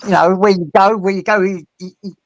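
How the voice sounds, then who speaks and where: A man's voice: high voice, fairly even intonation, brisk, no echo, highs cut off. A middle-aged man hosting a rowdy casual chat, rambling, joking and swearing. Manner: boisterous, swearing, rambling jokes.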